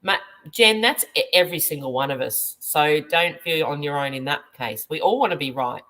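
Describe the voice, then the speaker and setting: A woman's voice: deep voice, animated, normal speed, pushed and bright, rough recording. An Australian woman hosting a casual chat as a medium, reading viewer comments aloud and laughing often. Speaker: medium and host.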